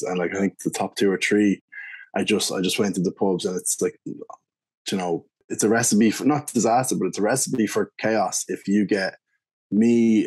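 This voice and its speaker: A young Irish man telling a pub story as an interview guest. His voice sits a bit low, and he rambles loosely, circling back with fillers and restarts. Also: a little mellow, husky. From Ireland. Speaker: guest, beer reviewer.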